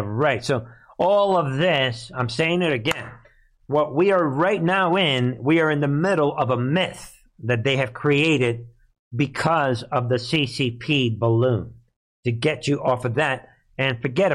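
A man's voice: medium pitch, a little slow. A man hosting a live political commentary stream, talking in a sarcastic, scoffing way.

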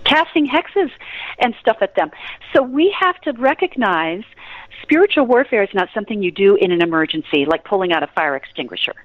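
A woman's voice: mid-range voice, very animated, brisk, no echo, narrow, tinny audio. A woman guest on a radio interview, telling stories with energy, laughing often and breaking into prayer. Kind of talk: animated interview storytelling.

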